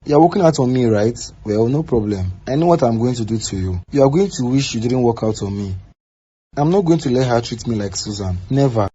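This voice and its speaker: A man's voice: mid-range voice, expressive, fairly quick, dark tone, slightly rough. A man voicing a controlling, menacing young husband in a cartoon. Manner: menacing, domineering. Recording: dull lo-fi sound.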